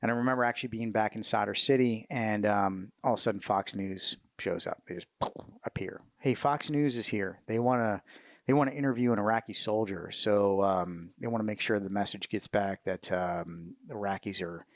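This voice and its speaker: A middle-aged man speaking in a casual interview, telling stories in a candid, profane way and often stopping to restart his thoughts. His voice sits low, and the sound is dry and close. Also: moderate pace, fairly bright tone, no room sound. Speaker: retired Marine officer guest.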